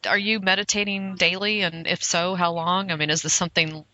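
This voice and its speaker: A woman's voice: on the low side, a little fast, no echo. A woman from Southern California in her forties, hosting an interview and telling stories with frequent laughs. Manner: lively storyteller, laughs often. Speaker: host. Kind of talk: chatty interview. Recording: dry muffled lo-fi audio.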